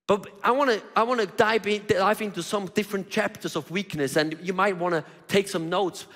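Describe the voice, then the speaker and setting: A man's voice: sits high, fairly quick, fairly bright tone. A man preaching a conversational sermon, full of rhetorical questions and voiced quotes from Bible figures. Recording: reverberant hall.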